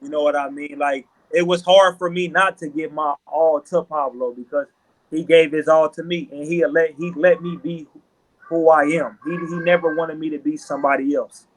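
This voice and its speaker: A man's voice: fairly high pitch, fairly even intonation, moderate pace, rough recording. A man in his thirties, a basketball player, telling stories animatedly in a casual interview, often asking "you know what I mean".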